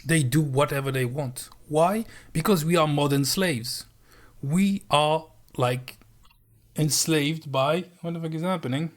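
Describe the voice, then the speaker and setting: A man rants on a livestream, swearing freely and hammering the same point again and again. His voice sits a touch high for a man. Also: measured pace. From France. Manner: blunt, swearing, emphatic repetition. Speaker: streamer. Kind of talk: profane livestream rant.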